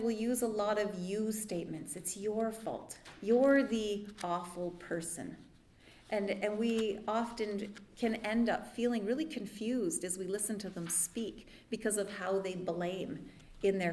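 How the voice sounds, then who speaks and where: A woman therapist giving a workshop talk, explaining calmly with lively asides. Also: mid-range voice, echoey room. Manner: calm explanatory teaching with lively dramatic asides. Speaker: therapist leading a church workshop.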